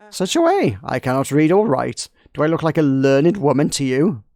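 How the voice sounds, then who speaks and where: A man voicing a gruff, hardworking female castle cook who talks bluntly and indignantly. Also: on the high side, sing-song, moderate pace, darkish tone, no echo. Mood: scornful.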